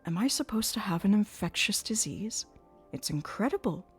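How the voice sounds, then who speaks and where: A woman's voice: mid-range voice, expressive, moderate pace, breathy edge, faint music behind. A woman voicing an agitated male opera secretary who exclaims in rising outbursts. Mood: indignant.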